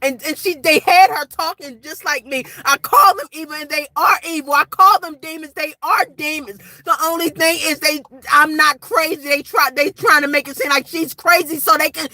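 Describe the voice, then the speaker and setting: A woman's voice: sits high, moderate pace, hardly any pauses, sharp tone, poor audio. A woman in her forties recording an impassioned, rambling vlog rant outdoors at night, repeating herself as she talks. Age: 40s. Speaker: vlogger.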